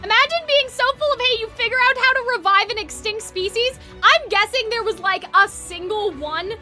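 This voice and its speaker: A young woman streaming a story game, reacting in an animated, blunt way and swearing freely. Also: very high voice, moderate pace, faint music behind.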